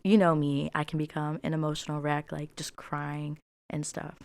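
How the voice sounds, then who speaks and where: A young woman with a low, smooth voice co-hosts a casual podcast. She talks openly and emotionally, full of fillers and restarts. Her voice is recorded close and dry. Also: completely flat delivery, normal speed, darkish tone, dry recording. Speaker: podcast co-host.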